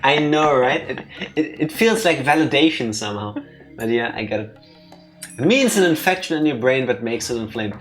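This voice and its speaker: A woman's voice: a bass voice, expressive, normal speed, soft background music. A woman co-hosting a visual novel let's play, chatting casually, swearing and explaining words. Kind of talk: casual gameplay commentary.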